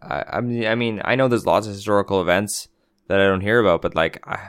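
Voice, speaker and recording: A man's voice: fairly low pitch, fast talker, clear, resonant tone. A man co-hosting a casual podcast chat, joking and rambling and swearing freely. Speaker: podcast co-host.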